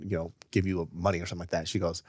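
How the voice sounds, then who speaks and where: A man's voice: low voice, rapid-fire, no echo. A man co-hosting a podcast in casual chat, swearing often and getting worked up as he tells stories. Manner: animated, swears a lot, voice jumps when worked up. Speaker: podcast co-host.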